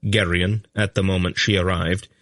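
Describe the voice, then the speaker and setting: Deep guy narrating a fantasy audiobook, slow and steady, dry. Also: no echo. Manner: slow, measured reading. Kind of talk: scripted narration.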